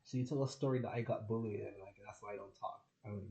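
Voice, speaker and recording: A man's voice: on the low side, steady tone, fast, vocal fry, mellow, dull audio. Chatty young man with Jamaican accent. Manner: chatty, laughing, jumps between topics. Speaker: spiritual channel host. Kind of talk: casual rambling monologue.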